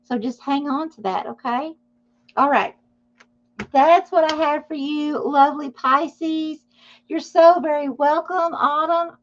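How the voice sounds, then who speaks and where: A woman's voice: sits high, slow pace, muffled recording. A woman giving a live tarot reading, speaking reassuringly and often checking in with "okay?". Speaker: tarot reader.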